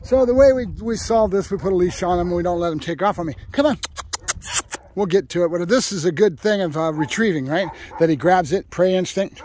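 A dog trainer with a high-pitched voice talks to the camera in a relaxed way. He explains things plainly, then his voice leaps up into bright, eager praise for the dog. It has the easy feel of a casual training vlog. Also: fairly quick, a little hiss or hum.

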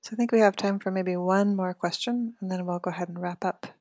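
A woman's voice: medium pitch, fast talker, no room sound. A woman hosting a monthly talk series, asking questions and making announcements in a casual manner with fillers. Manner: casual, filler-heavy, flat delivery.

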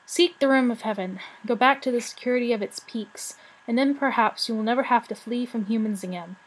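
A woman's voice: a little high, husky, poor audio. A woman voicing Slatebeard, an old weary dragon. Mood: solemn. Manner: slow, solemn, grave.

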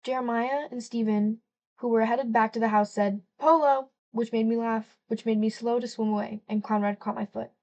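A woman reads a first-person novel aloud with a mellow, fairly high voice. She colors the dialogue lightly as she goes. The home recording sounds a little dull and lo-fi. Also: little pitch movement, moderate pace. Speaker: audiobook narrator.

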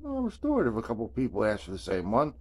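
This man's medium-pitched voice swings hugely in pitch as he talks at a quick pace. Hosting a casual video journal, he tells laid-back, rambling stories loaded with slang, profanity and repeated "man" and "you know what I'm saying."

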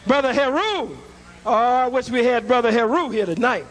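A male minister giving a fiery sermon to a live audience, shouting and drawing call-and-response answers. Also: very high-pitched, animated, normal speed. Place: large hall with audience. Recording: echoey lecture hall.

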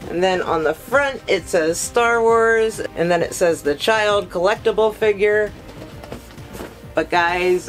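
A woman's voice: lowish voice, poor audio. A woman hosting an unboxing video, talking to her viewers in a gushing, emotional way as she unpacks a collectible figure. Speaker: collectibles reviewer. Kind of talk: excited unboxing vlog.

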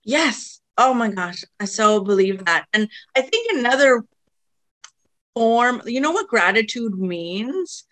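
A woman's voice: fairly high pitch, sing-song, slow pace, fairly bright tone. A woman from Canada, a podcast guest speaking in a heartfelt, emotional way in casual conversation.

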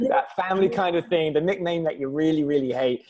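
A man with a southern English accent, a company founder chatting as a guest in an interview over a video call, talkative and quick to laugh. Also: on the high side, a little mellow. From south of England. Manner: chatty, laughs easily, frequent restarts. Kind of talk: casual interview chat.

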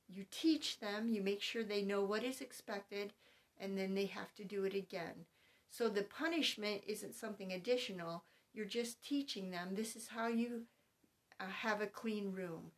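A middle-aged woman who homeschools her children, calmly and methodically explaining household routines to other parents point by point. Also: medium pitch, normal speed. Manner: calm, methodical, spells things out point by point. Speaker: homeschooling mother giving advice. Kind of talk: instructional talk to parents.

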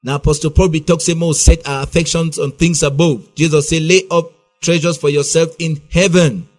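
Gospel radio host. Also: male voice, a little high, steady tone, normal speed. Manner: encouraging, affirms the guest.

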